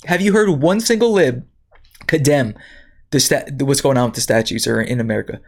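A woman's voice: a bass voice, a little fast. A woman hosting a podcast, reading news items and answering them with indignant, sarcastic commentary. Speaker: podcast host.

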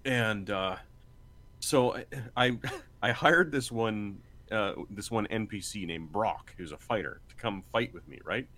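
A man's voice: fairly low pitch, unhurried, bright, forceful tone. A man telling a story in casual chat, laughing often, swearing freely and acting out the lines.

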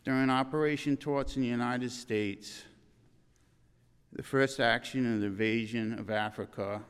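A man's voice: medium pitch, steady tone, clear, resonant tone. Older man with church reverb. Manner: earnest, halting reading with restarts. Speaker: eulogist. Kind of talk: eulogy reading.

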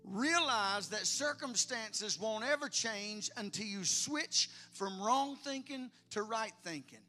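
A man preaching a sermon in a high, bright, forceful voice. He drives points home with emphatic bursts, then drops to near-hushed lines and chatty asides to the congregation, over faint music underneath. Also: animated, slow. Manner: emphatic preaching with big swings from loud to hushed. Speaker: pastor.

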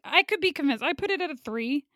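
A woman's voice: high voice, expressive, fast, a bit bright, dry recording, studio quality. A woman co-hosting a podcast, chatting casually and giving strong opinions while she reviews movies. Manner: opinionated, chatty, laughs often. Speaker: podcast co-host.

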